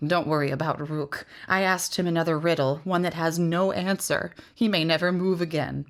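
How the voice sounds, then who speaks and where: A woman's voice: low-pitched, fairly even intonation, moderate pace. Woman reading as Schmendrick, a boastful magician. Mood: grim. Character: boastful tall male magician, wry.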